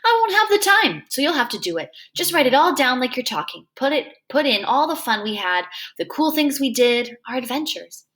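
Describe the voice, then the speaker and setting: A woman's voice: sits high, big pitch swings, fairly bright tone, voice pushed up. A woman reading aloud and voicing a clever, sickly boy who bosses his friend around in a small, whispery voice. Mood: bossy. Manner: quick, bossy, joking.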